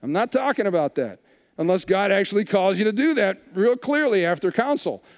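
Guy preaching in a big echoey church hall, slightly high voice, storytelling and acting out the scene. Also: brisk, dull audio. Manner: storytelling, animated retelling with quiet asides. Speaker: pastor. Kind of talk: sermon.

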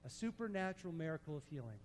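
A man preaching a sermon, emphatic, dropping to soft low tones to stress a point. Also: sing-song, fast talker, big-room sound, slight background noise. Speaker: pastor.

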